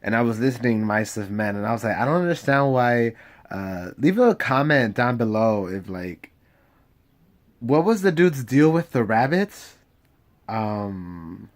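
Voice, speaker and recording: A man's voice: fairly low pitch, expressive, a little slow, long pauses. Rambling, foul-mouthed young man. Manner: rambling, profane, loses his train of thought. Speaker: vlogger. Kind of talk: casual rambling monologue.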